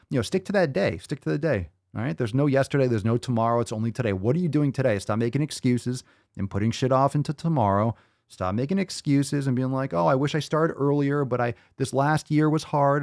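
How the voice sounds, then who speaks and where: A man hosting a fitness podcast, ranting loudly and swearing as he pushes listeners to act. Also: medium pitch, no room sound, clean studio sound. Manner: profane, loud, hyped rants. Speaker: podcast host.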